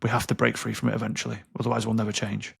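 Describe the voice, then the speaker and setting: A man's voice: fairly low pitch, little pitch movement, rapid-fire, creaky, a bit bright, breathy edge. A man in his thirties, a podcast guest speaking candidly and bluntly with frequent swearing. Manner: blunt and sweary, acts out quoted dialogue. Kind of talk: candid interview conversation.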